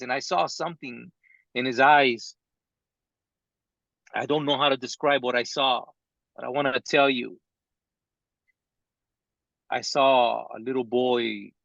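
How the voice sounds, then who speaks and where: A man telling a painful personal story in a live training talk, speaking slowly and haltingly with long pauses. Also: medium pitch, creaky, fairly bright tone, no room sound, dull audio.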